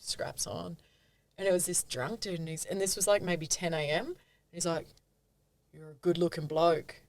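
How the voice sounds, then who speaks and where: A young woman with an Australian accent chats bluntly, swearing with outrage and then drifting into her own anecdotes. Her voice sits a little low for a woman. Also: normal speed. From Queensland, Australia. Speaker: podcast co-host. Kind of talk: casual chat.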